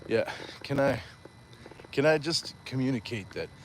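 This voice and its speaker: A man's voice: medium pitch, lively intonation, measured pace, slight background noise. A man hosting a livestream on a walk, reading viewer comments aloud in a playful, chatty way. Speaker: livestream host reading chat. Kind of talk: casual livestream chat while walking. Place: outdoors on a walk.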